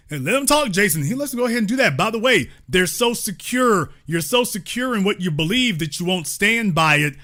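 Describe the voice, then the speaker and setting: A man's voice: sits high, sharp tone. A man hosting a call-in show, talking emphatically and mockingly with preacher-like repetition. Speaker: host. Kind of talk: live call-in show commentary.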